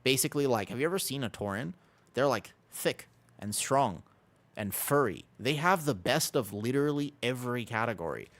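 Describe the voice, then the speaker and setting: Animated rambling male game streamer. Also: medium pitch, moderate pace. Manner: rambling, animated, laughs often, talks to chat. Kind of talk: casual livestream chat while gaming.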